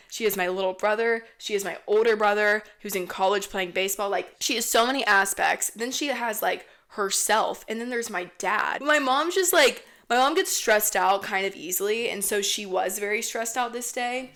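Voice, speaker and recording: A young woman hosting a podcast, spinning a casual storytime with no filter. She rambles from one thing to the next, swears freely and fills every gap with "like". Her voice sits at a middle pitch. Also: moderate pace, few pauses, fairly bright tone. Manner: rambling, heavy swearing, lots of "like". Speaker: podcast host.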